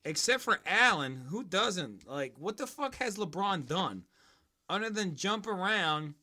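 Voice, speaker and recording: A sports podcast host who talks high in his range. His tone is bright and cutting, and he goes off on profane, mocking tangents in casual chat. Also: expressive, a little slow.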